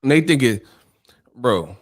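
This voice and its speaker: A man's voice: medium pitch, very animated, measured pace, no room sound, studio quality. A man hosting a live stream, ranting casually in a profane, exasperated way and laughing often. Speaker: streamer host.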